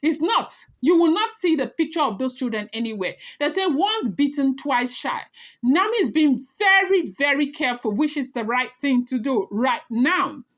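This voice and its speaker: Woman, gossip vlogger, casual commentary, emphatic, addresses the audience, somewhat high voice. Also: lively intonation, normal speed. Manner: chatty, emphatic, addresses viewers directly. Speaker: celebrity gossip blogger.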